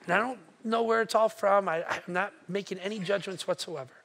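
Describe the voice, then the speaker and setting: A man preaching a sermon with emphatic repetition, dropping to a hush for quoted words. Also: sits high, a little fast, gravelly. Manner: emphatic, repeats phrases, drops to hushed tones for quotes. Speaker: pastor.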